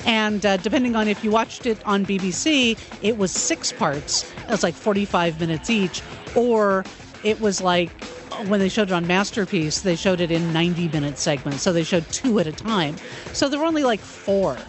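A female radio co-host who chats and tells stories with lively asides at an everyday pitch. Faint music plays quietly behind her. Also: moderate pace. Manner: chatty storyteller, lively asides. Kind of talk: casual radio chat.

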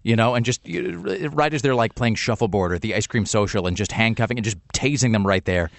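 A man's voice: fairly low pitch, fast, vocal fry. A man hosting a talk radio show, rambling through stories with many fillers and sardonic jokes. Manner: rambling storyteller with lots of fillers and restarts; sardonic, joking. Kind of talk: casual talk radio banter.

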